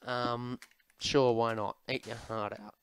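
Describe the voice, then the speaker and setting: Young aussie guy chatting over his game, smooth clear voice, lots of ums and self-mocking tangents. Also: mid-range voice, level tone, takes it slowly, poor audio. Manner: rambling, self-mocking, frequent ums and restarts. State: sore throat. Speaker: gaming video host. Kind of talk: casual commentary while playing.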